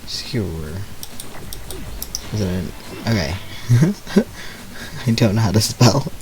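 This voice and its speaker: A young man streams a video game, chatting casually and rambling through sheepish, self-deprecating stories punctuated by nervous laughs. His voice is fairly low, very animated, and unhurried. Background noise is audible.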